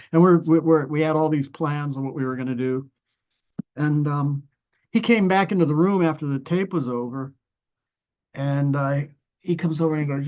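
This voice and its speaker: In a muffled recording, an older Ohio man, a musician guest, rambles through anecdotes with frequent restarts and fillers, voicing other people's lines along the way. His voice is a little high and darkish in tone at a moderate pace, in a conversational storytelling style.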